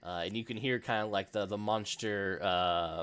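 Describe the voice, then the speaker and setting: A man running a tabletop game as game master, narrating in a halting way with many fillers. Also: fairly low pitch, background noise.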